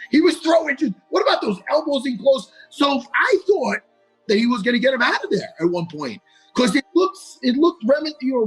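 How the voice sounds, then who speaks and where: Husky, animated man breaking down fights. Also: very high voice, poor audio. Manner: animated, acts out quotes, stutters when wound up. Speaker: MMA analyst. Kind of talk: casual fight analysis chat.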